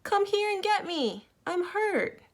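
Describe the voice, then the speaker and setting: Storybook: woman reading a frightened little girl, high, wailing pleas. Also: big pitch swings, takes it slowly, heavily acted. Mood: pleading.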